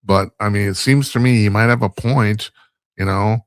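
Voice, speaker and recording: A man's voice: on the low side, steady tone, moderate pace, dry recording. A man hosting a talk show, delivering a rambling, wry monologue and laughing at his own stumbles. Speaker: radio talk show host. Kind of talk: casual monologue commentary.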